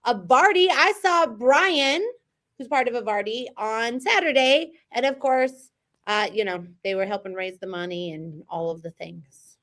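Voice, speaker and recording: Teasing, fairly high-voiced woman co-host. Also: a little slow. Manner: teasing, animated storyteller. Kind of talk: casual chat.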